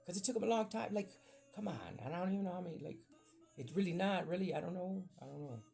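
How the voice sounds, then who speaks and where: A man's voice: high-pitched, fast talker, vocal fry, soft background music. A man hosting a podcast, telling a rambling childhood story in casual chat, acting out the people he quotes. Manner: rambling, animated, acts out voices in quotes. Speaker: podcast host.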